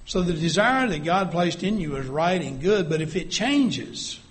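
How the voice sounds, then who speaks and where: A man preaching a sermon, reading scripture aloud and dropping to a hush for vivid scenes. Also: a little high, lively intonation, a little slow.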